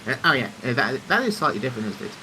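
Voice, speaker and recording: A man hosting a game stream who rambles and restarts his sentences. His voice moves up and down lively. A steady hiss runs under the recording. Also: medium pitch, racing. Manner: rambling, self-correcting, laughs easily. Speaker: stream host reading a game. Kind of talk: casual chat.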